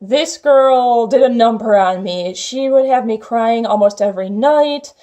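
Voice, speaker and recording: Young woman vlogger, high bright voice, chatty storyteller, leans on "like" a lot. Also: measured pace. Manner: chatty, heavy use of "like" fillers. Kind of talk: casual storytelling vlog.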